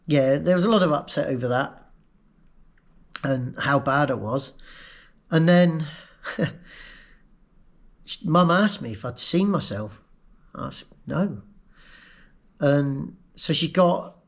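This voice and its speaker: A man tells his own story in a candid, personal way. His voice sits a little higher than most men's, and he is emotional, halting at times as he speaks. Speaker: vlogger recounting his own accident.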